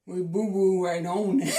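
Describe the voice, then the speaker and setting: A man's voice: high-pitched, creaky, a little mellow, far from the mic. A man joking around in a casual vlog, playful and teasing, repeating his lines. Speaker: vlogger. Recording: echoey room.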